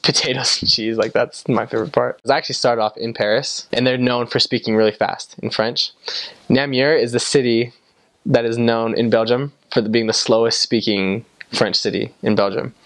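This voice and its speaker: A young man from the United States talks in a casual, chatty way, leaning on "like" again and again. His voice sits at an ordinary middle pitch. The sound is dry and close, with no room echo. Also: fairly bright tone. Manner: chatty, lots of "like" fillers. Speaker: vlogger recalling time abroad. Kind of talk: casual storytelling to camera.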